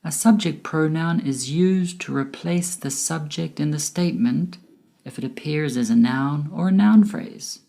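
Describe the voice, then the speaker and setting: A woman with a low, mellow voice teaches a scripted grammar lesson. She speaks slowly and deliberately, and she stretches the rise and fall of her example sentences to show the intonation. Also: gravelly. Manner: slow, deliberate, with exaggerated rising and falling example intonation. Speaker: English teacher.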